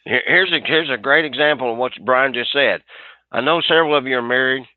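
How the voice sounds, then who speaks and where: A man's voice: medium pitch, a little fast, no room sound. A man, a sales trainer, coaching a group on a webinar; he talks with energy, restarts often and acts out bits of dialogue. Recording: dry, tinny phone-like line.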